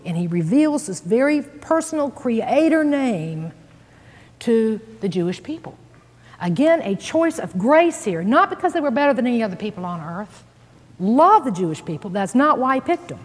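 An earnest woman teaches scripture in a sermon, leaning hard on key words. Her husky voice swings widely in pitch. The sound rings with the long reverb of a church hall. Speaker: Bible teacher.

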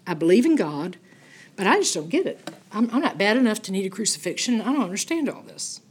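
An older woman teaching a Bible study, telling stories in a folksy, animated way and acting out the people she quotes. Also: mid-range voice, brisk, slight background noise.

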